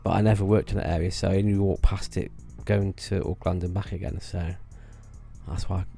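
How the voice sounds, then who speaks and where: A man's voice: low-pitched, little pitch movement, a little fast, gravelly, dark tone, faint music behind. A man telling rambling casual stories about his old theme park job, restarting phrases and laughing at himself. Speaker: vlogger recalling theme park work.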